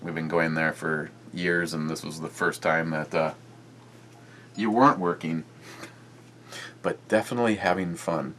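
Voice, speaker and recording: Low-voiced rambling man, beer vlogger. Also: fairly even intonation, measured pace, long pauses, fairly bright tone, a little hiss or hum. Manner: rambling, many fillers and restarts. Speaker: beer reviewer. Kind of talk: rambling casual vlog chat.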